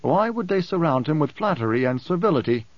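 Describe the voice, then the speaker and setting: Man doing a calm, cryptic male advisor. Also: on the high side, dry recording. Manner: measured, lecturing, composed. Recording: dull dry close recording.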